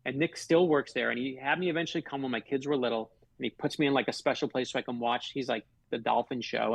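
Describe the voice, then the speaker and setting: A middle-aged author from Florida tells stories as a guest in a radio interview, his medium-pitched voice creaky and slightly rough with no echo. His delivery is earnest, heartfelt, and emphatic.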